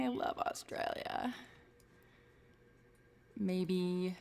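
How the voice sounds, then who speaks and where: A woman's voice: medium pitch, slow, long pauses, far from the mic. A woman hosting a casual livestream, greeting viewers by name and chatting loosely. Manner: chatty, reads out viewer names. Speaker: livestream host.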